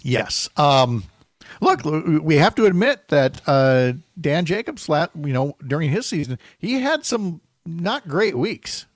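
A man's voice: fairly high pitch, big pitch swings, unhurried, no echo. A man hosting a casual radio talk show, joking with his co-hosts and reading listener texts. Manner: jokey, laughs often, reads listener texts.

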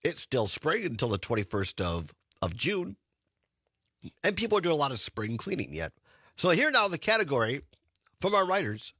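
A man's voice: fairly high pitch, sing-song, moderate pace, bright, forceful tone, breathy edge, no echo, studio quality. A man hosting a radio talk show, chatting casually and laughing often. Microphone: studio microphone.

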